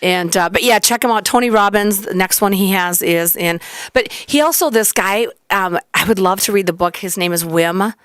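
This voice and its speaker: A woman guest chatting on a radio show, telling lively stories and acting out what people said. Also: medium pitch, normal speed, clear, resonant tone, dry recording, studio quality. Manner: excitable storyteller, acts out quotes. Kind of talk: casual chat. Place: radio studio.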